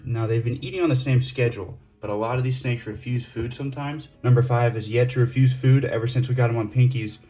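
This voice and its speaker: This vlog features a snake keeper with a warm, medium-pitched voice. He jokes around and keeps things casual as he looks after his reptiles.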